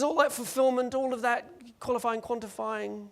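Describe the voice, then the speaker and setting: A man giving a lively, joking conference presentation and acting out little scenes. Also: very high voice, brisk, gravelly. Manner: animated, jokey, acts out scenes. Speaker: conference speaker.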